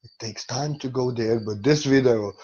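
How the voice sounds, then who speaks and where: Man, spiritual teacher, gentle rambling talk, broken english, middle pitch, dull lo-fi sound. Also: husky. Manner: gentle, rambling, halting non-native English.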